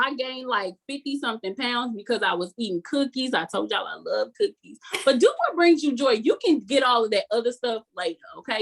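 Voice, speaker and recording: A woman life coach giving a motivational talk in a folksy, sermon-like way, repeating key phrases slowly for emphasis. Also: medium pitch. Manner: folksy and sermon-like, calls the audience "y'all" constantly.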